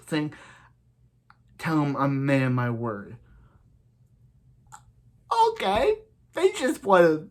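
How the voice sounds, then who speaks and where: A young man talks through a TV episode in a loose, rambling recap, circling back with "so yeah" and stacking up "he's like" before each line. He gets heated as he rants about what he disliked. His pitch sits in a middle range for a man. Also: sing-song, a little slow, long pauses, fairly bright tone. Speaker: TV episode reviewer. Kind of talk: casual recap and rant.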